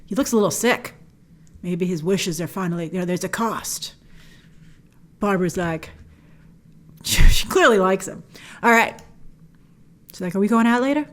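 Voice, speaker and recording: A woman's voice: fairly low pitch, measured pace, long pauses, a bit bright. A woman hosting a movie trailer breakdown, talking with wry, joking asides. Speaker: movie trailer reviewer host.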